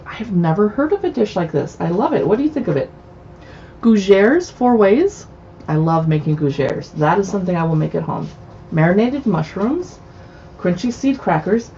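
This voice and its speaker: A woman's voice: mid-range voice, warm tone, highs cut off, a little hiss or hum. A woman hosting a casual cookbook livestream, reading recipe titles aloud and adding chatty asides. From US West Coast. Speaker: cookbook show host. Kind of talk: casual livestream book browsing. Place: home in a city.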